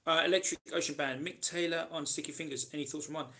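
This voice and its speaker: Speaking fast in a high, steady voice that sounds pushed and bright, a man runs a relaxed live question-and-answer stream. He reads out viewer comments and rambles through answers with lots of ums and false starts.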